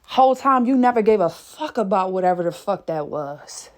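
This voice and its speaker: A fervent woman gives a spiritual reading. She sounds out of breath, preachy and casual at once, swearing freely. Her voice sits at a middle pitch for a woman. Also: expressive, normal speed. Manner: fervent, exclaims whew often, swears casually. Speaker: spiritual reader.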